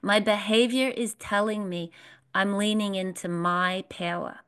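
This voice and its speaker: A woman leads a spiritual workshop, talking straight to the people in the room. She is earnest and repeats her phrases, asking questions of her listeners. Her voice sits at a middling pitch. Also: fairly even intonation, measured pace, a bit bright, clean tone. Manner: earnest, repetitive, asks the audience questions. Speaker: workshop leader. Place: workshop room with a live audience.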